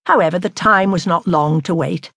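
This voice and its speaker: A woman narrating a classic novel in a measured, expressive way. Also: fairly low pitch, gravelly, breathy edge, no room sound, studio quality. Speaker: audiobook narrator.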